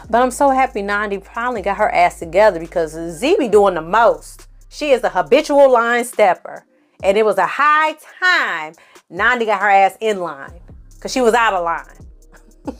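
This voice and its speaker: A woman's voice: mid-range voice, animated, normal speed, a bit bright, soft background music. Chatty opinionated woman recapping a show. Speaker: film and TV recap reviewer. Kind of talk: casual review chat.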